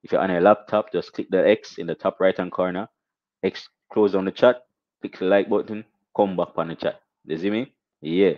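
A young Jamaican man hosting a casual live stream, shouting out viewers and reading donations with animated, repetitive catchphrases. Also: low-pitched, normal speed, dry recording, muffled recording.

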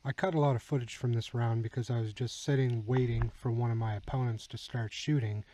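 A man with an ordinary mid-range voice narrates over his own game footage. He explains tactics in a calm, instructional way and chuckles easily as he goes. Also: medium pitch, fairly quick, slight background noise, poor audio. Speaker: channel host.

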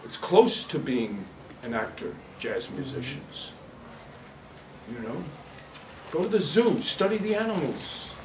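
Animated man teaching an acting workshop. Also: medium pitch, slow, pauses often, a little hiss or hum. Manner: blunt, animated, demonstrative, laughing often. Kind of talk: workshop lecture to a class. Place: workshop room with a live class. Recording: echoey room, mic far off.

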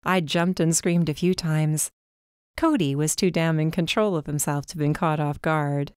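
A woman reading a first-person dark fantasy story as audiobook narrator, with tense, urgent delivery. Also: low-pitched, steady tone, normal speed, clean tone, no room sound, studio quality.

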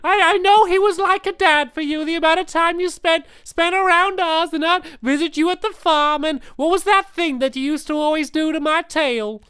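A man's voice: very high-pitched, normal speed, hardly any pauses, bright, forceful tone. A man voicing a chatty male gecko who rambles, repeats himself and corrects others, in an improvised game role-play. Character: chatty male gecko, fussy about being called lizard.

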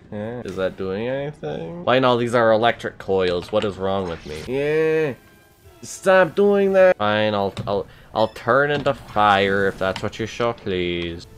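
A young man giving let's-play commentary, excitable and complaining loudly at the game. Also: lowish voice, unhurried. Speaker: gameplay streamer.

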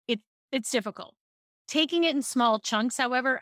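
A woman's voice: on the high side, moderate pace, dry recording, studio quality. A woman from Baltimore, a speaking coach, telling stories in a casual podcast interview and acting out quotes. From Baltimore, USA. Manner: animated storytelling, acts out quotes.

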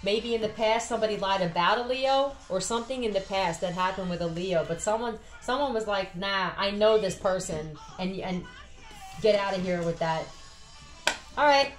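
A woman's voice: mid-range voice, normal speed. A tired woman with a Philadelphia accent doing a casual tarot reading, blunt and chatty with lots of swearing. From Philadelphia area. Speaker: tarot reader. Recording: echoey room with faint music. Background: faint music.

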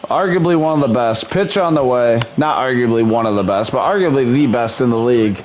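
A man's voice: medium pitch, brisk, a little hiss or hum. Man calling his own game play-by-play. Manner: mock broadcaster calls mixed with muttered frustration. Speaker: gaming YouTuber. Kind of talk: play-by-play commentary while gaming.

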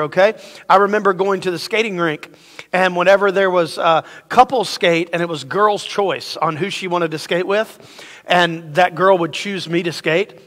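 A man's voice: high-pitched, a bit bright. A middle-aged male pastor with a drawl, preaching a casual, joking sermon and leading his congregation in call-and-response. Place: church sanctuary. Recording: long hall reverb.

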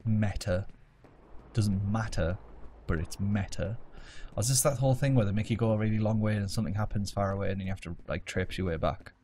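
A man's voice: fairly low pitch, quick pace, warm tone, slight background noise. Joking, sweary gamer man. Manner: joking, sweary and self-mocking. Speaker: let's play gamer. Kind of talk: casual gameplay commentary. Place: home room at his desk.

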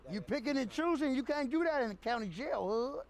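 A man with a high, gravelly voice talks fast in brash reality-show banter. He is loud and bossy and curses constantly, with crowd noise behind him. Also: expressive.

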